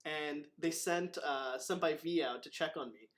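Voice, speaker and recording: A man's voice: fairly high pitch, a little slow, a bit bright. A man hosting a casual talk as a martial arts instructor. He tells his stories in a rambling way, full of fillers and acted quotes. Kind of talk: casual storytelling chat.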